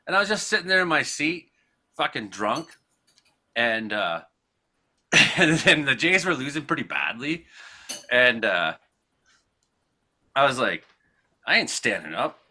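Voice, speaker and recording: A man from Canada, hosting a casual talk show, telling a rambling, profane story with frequent laughs and acted-out shouted quotes. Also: medium pitch, very animated, unhurried, long pauses. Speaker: podcast host.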